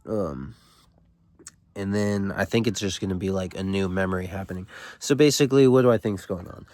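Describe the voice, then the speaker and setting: A man's voice: low-pitched, fairly quick, a little mellow, no room sound. A man hosting a casual read-along, reading from a novel and commenting in loose, slangy, rambling talk with many fillers. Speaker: host reading a novel aloud.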